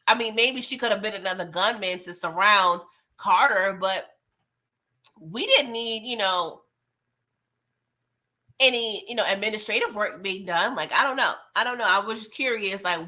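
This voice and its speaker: A woman's voice: medium pitch, unhurried, bright, forceful tone. A woman hosting a casual live show recap, chatty and laughing often, retelling scenes in quoted voices. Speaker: TV recap host.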